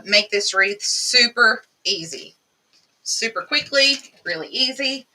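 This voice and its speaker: A woman's voice: mid-range voice, bright, forceful tone, slightly rough, recorded from a distance, rough recording. A woman hosting a live crafting demonstration, chatting with viewers as she works. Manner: chatty, talks to viewers while working. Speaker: craft tutorial host.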